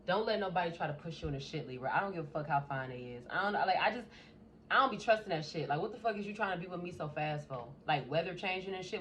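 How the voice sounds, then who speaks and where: A woman giving a casual tarot reading in a blunt, profane, animated way. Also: lowish voice, fast, a little hiss or hum. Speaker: tarot reader.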